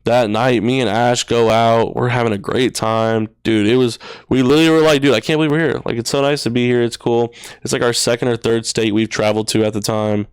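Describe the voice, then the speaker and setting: A young man in his twenties tells a personal story on a podcast, in loose slang and heavy swearing. His voice is smooth and clear at a middle pitch. It is recorded close and dry in a studio. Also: steady tone, a little fast, hardly any pauses, no room sound. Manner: casual, swears a lot, says "bro" and "dude". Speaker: podcast guest. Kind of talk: emotional storytelling.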